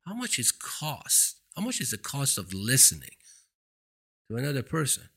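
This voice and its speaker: A man's voice: mid-range voice, wildly swooping pitch, normal speed, pushed and bright, breathy edge. A man with a foreign accent, a non-native English speaker, giving an earnest, emphatic motivational monologue into a microphone as a talk show host. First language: not English. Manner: earnest, emphatic, repeats points for stress. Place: seated indoors. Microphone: studio microphone.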